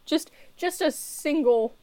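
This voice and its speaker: Teasing female game master, fairly high voice, dry close sound. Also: slow pace, darkish tone, no room sound. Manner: giggly, teasing, filler-heavy. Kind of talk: narrating a tabletop game.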